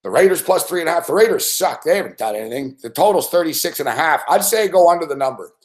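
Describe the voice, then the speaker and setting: A man's voice: fairly high pitch, expressive, fast. A man giving a live sports betting rant, profane and exasperated.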